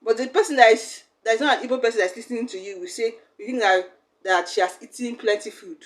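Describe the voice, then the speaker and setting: A woman's voice: on the high side, quick pace. A young woman, teaching a language lesson in a chatty, explaining way. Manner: chatty, acts out little quoted exchanges.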